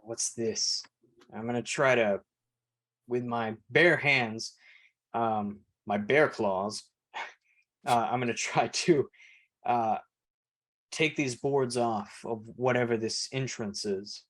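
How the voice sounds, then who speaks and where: A man's voice: mid-range voice, slow, pauses often, a bit bright. A man playing a tabletop horror game, casual and hesitant, thinking aloud with fillers. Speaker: player.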